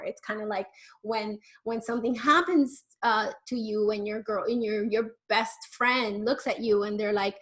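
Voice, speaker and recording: A woman's voice: fairly high pitch, moderate pace. A woman who works as a parenting educator, answering viewers' questions in a conversational way and sometimes acting out the voices of parents and children. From Miami. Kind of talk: live Q&A advice talk.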